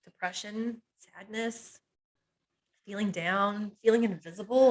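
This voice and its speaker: A woman's voice: medium pitch, a little slow, long pauses, low-quality recording. A woman hypnotherapist teaching a masterclass on emotional pain, speaking in earnest, confiding short phrases and listing feelings one at a time with light laughs. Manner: earnest and confiding, draws on her own life.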